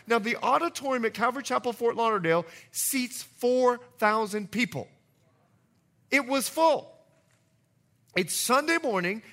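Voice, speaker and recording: A man preaching a sermon as pastor, telling a story with jokey asides and swinging between loud and hushed delivery. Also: very high-pitched.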